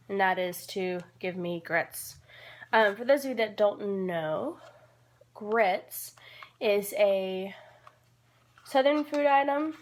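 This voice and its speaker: With slight noise behind her, a mid-range female voice belongs to a young vlogger from Georgia, USA, who lacks a Southern accent. She keeps up bubbly, rambling, self-deprecating small talk while baking.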